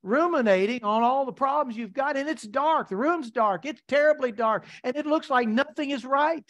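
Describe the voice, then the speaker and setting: A man's voice: extremely high pitch, moderate pace, a bit bright. A man preaching a sermon as pastor, emphatic and repetitive, asking the congregation rhetorical questions.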